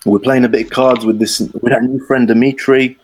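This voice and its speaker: A man's voice: mid-range voice, level tone, fairly quick, darkish tone, poor audio. Slangy man telling a story. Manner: rambling, slangy, acts out the voices of the people in his story. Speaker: podcast guest storyteller. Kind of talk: casual anecdote telling.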